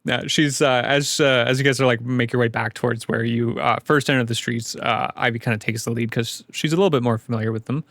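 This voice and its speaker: Gravelly, rambling game master man. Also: mid-range voice, fairly even intonation, fairly quick, hardly any pauses, a bit bright, no echo, clean studio sound. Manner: casual, rambling, filler-heavy, laughs often. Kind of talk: narrating a tabletop game.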